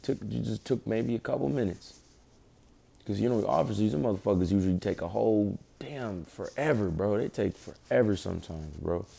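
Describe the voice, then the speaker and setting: A young man with a deep, heavily gravelly voice gives a loose, street-slang religious lesson. His tone is dark and mellow, and he swears freely as he tells his story. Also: moderate pace. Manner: profane street talk with storytelling. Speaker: online preacher. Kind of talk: casual religious teaching with personal story.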